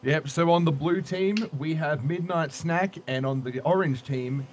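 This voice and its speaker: A man casting a video game match as play-by-play commentator, jokey and excitable. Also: on the high side, measured pace. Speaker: esports caster. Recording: music playing behind.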